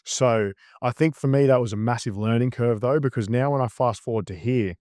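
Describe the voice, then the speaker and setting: A man's voice: medium pitch, fairly quick, darkish tone, dry recording, clean studio sound. An Australian man, a guest, talking bluntly and swearing freely in a casual interview.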